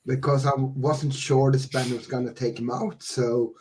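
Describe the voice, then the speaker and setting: A male player at a tabletop game, talking through what his character does in a relaxed, plain way. His voice sits at an ordinary, middling pitch. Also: moderate pace, a little hiss or hum. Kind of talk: casual tabletop play.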